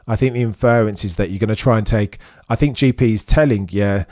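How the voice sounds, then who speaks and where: A man streaming a live race watch-along, commenting excitedly and pleading with the drivers, dropping to low mutters and jumping to high, urgent bursts. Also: brisk, few pauses.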